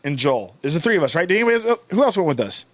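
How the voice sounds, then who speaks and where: A man's voice: fairly high pitch, big pitch swings, racing, no echo. A man in his thirties co-hosting a podcast, telling a story in a rambling, profane way with lots of fillers. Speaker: podcast co-host. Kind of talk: casual storytelling chat.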